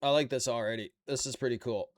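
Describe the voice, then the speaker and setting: A man's voice: mid-range voice, steady tone, quick pace. A Canadian man with a Canadian accent, casually chatting and bantering with his viewers while building a model kit on a live stream. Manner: chatty, playful banter with chat.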